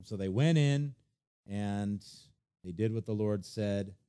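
A middle-aged man preaching a sermon with a mellow, relaxed voice. He talks to the congregation like he is chatting with them, swinging from punchy emphasis to soft, quiet asides. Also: fairly low pitch, slow pace, clean tone. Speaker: pastor.

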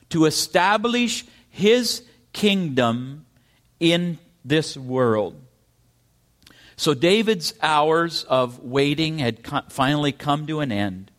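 Male preacher, slow and high-pitched, sermon with dramatic questioning swings. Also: fairly bright tone. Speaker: pastor. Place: church.

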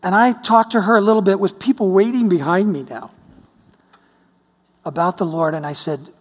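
A man from the United States preaching a sermon, telling a story, swinging between hushed and exclaiming. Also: sits high, moderate pace. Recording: long hall reverb.

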